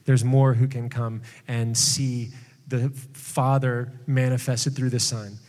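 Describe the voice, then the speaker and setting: A man, a pastor, preaching a sermon in a relaxed, conversational way with joking asides. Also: mid-range voice, slow, long reverb tail.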